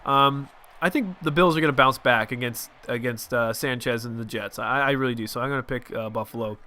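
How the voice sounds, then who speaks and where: This medium-pitched, sharp-toned young man from Southern California runs a football gaming channel, offering rambling, casual commentary and quick venting about his team while playing.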